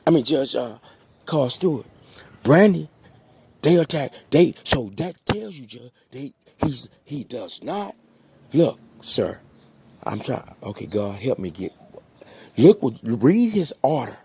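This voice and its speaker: A distraught man pleading to a judge in an agitated, halting appeal full of restarts. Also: mid-range voice, sing-song, warm tone, slight background noise. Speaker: petitioner addressing a judge. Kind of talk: impassioned video appeal.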